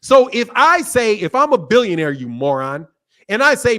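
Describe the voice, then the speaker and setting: A man's voice: high-pitched, very animated, normal speed, fairly bright tone. A man hosting a boxing talk show, arguing heatedly, interrupting and swearing. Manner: combative, interrupting, profane. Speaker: boxing channel host. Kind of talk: heated debate.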